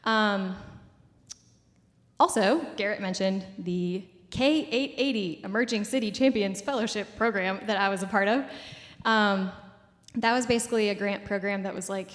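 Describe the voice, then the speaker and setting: A woman's voice: mid-range voice, normal speed, in a large hall. A woman in her twenties giving a casual public talk at a community event, full of "like" and "um" fillers. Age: 20s.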